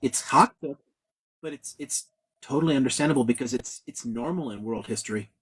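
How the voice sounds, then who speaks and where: A man's voice: mid-range voice, brisk, husky. A man hosting a casual live-stream discussion, talking bluntly and swearing freely. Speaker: host.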